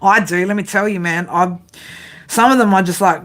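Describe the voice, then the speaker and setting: A woman's voice: mid-range voice, normal speed, a bit bright. A young woman giving a casual, profane tarot reading, chatting to her viewers and to spirit as she goes. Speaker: tarot reader.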